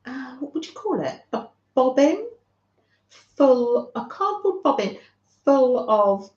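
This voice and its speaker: A woman hosting a craft channel, chatting gently and fondly with viewers on a livestream. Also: high voice, very animated, slow, roomy sound, lo-fi sound. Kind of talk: casual livestream chat with viewers.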